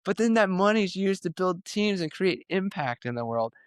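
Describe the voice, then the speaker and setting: On a podcast, a male guest tells his story candidly and intensely, acting out and quoting what he said to others. His voice is high and clear with a resonant tone, delivered at normal speed. The recording is dry and studio quality.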